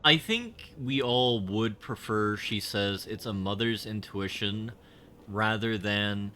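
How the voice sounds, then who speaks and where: A man's voice: fairly low pitch, takes it slowly, pushed and bright, a little hiss or hum. A young man casually commenting while live-streaming a game, rambling and giggling at his own jokes. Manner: giggly, rambling, self-deprecating.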